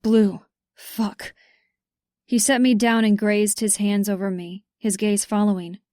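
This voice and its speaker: A woman's voice: medium pitch, steady tone, moderate pace, a little mellow, dry recording, clean studio sound. A woman reading a first-person romance audiobook in a tense, urgent way. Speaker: audiobook narrator.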